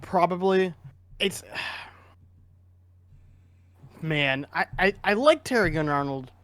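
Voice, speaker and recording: A man's voice: high-pitched, animated, extremely slow, fairly bright tone, dry recording. Rambling man talking sports, dry mic. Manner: rambling, restarts often, opinionated. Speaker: podcast co-host. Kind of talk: casual sports chat.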